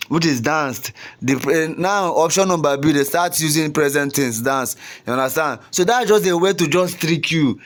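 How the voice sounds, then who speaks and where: Young guy tutoring for an exam, kinda high voice, keeps checking you get it. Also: slight background noise. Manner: repetitive, checks in with "you understand?". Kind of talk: casual tutorial lesson.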